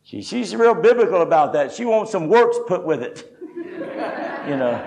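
A man's voice: sits high, very animated, normal speed, creaky, a crowd in the background, poor audio. An older man preaching a sermon, telling his own story in a folksy, humorous way. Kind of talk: sermon teaching with personal testimony.

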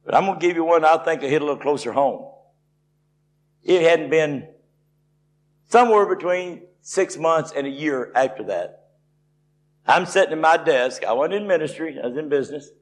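A man's voice: on the high side, animated, moderate pace, long pauses. A man from Tennessee, preaching and telling a personal story in a folksy, rising way. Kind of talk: sermon testimony.

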